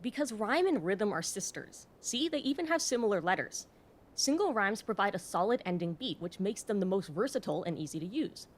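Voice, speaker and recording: A woman reads a scripted educational video in a clear, explanatory voice. Her pitch sits right in the middle, and she drops in wry, joking asides. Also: expressive, a little fast. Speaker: host.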